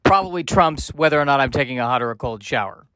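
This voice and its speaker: A man's voice: medium pitch, animated, quick pace, a bit bright, clean tone, no room sound. A man hosting a podcast, rambling through comic, self-mocking asides in a casual monologue. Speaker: podcast host.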